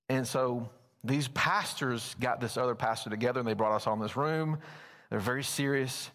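Preaching a sermon in a church sanctuary, a male pastor with a brisk, mid-range voice is folksy and tells stories, growing animated at times. The recording carries a long church reverb.

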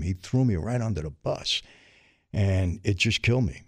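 A man's voice: on the low side, moderate pace, dry recording. Streetwise New man telling stories. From New York. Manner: streetwise, vivid, acts out dialogue. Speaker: interview guest. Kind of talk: candid storytelling. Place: studio.

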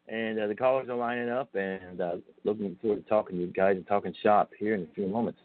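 A man's voice: on the low side, normal speed. A man hosting a radio talk show, speaking casually and loosely with plenty of fillers. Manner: laid-back, filler-heavy. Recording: tinny phone-like radio audio.

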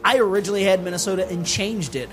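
A man's voice: sits high, rapid-fire, a bit bright, soft background music. A man co-hosting a casual podcast who jokes and teases the others. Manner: joking, teasing, with lots of filler restarts. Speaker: podcast co-host. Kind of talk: casual chat.

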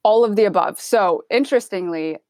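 A chef from Michigan with a half Midwestern accent talks casually and candidly as an interview guest. Her medium-pitched voice moves at normal speed, relaxed and chatty with filler words, on a dry recording.

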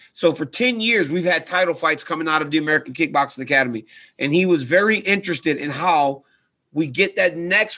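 Earnest man with a bright voice. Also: fairly high pitch. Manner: earnest, repeats "right?" for emphasis. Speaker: retired fighter and coach, guest. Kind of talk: casual interview talk.

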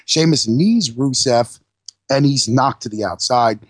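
A podcast co-host with a husky, mid-range male voice talks through a wrestling recap at a slightly slow pace, narrating the action play-by-play. He keeps it loose and casual, cursing freely along the way. The audio is dry and close-miked, with no echo or room sound.

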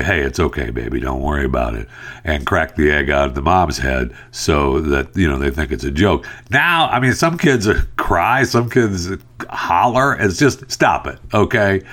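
A man hosting a talk show, rambling and laughing in an animated, exasperated manner. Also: low voice. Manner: rambling with restarts and fillers. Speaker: podcast host. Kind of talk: casual opinion talk.

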